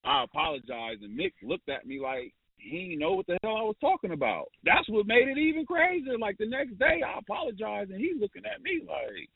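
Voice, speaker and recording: A man's voice: sits high, huge pitch swings, a little fast, gravelly, hardly any pauses, husky, no room sound. A man, a former college player, tells stories as a guest, laughing often and restarting his sentences with many fillers. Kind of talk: casual storytelling. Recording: phone-like line.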